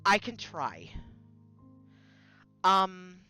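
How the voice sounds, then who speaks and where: A woman art vlogger chatting casually while she draws, slipping into baby talk for her pet birds and reacting with big expressive outbursts. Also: on the low side, very slow, smooth, soft background music. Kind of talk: casual chat while drawing on a stream.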